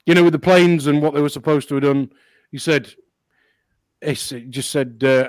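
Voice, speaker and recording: A man's voice: on the high side, steady tone, moderate pace, pauses often, clean tone, no echo, poor audio. A man co-hosting a casual chat, telling rambling anecdotes and chuckling often. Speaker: co-host.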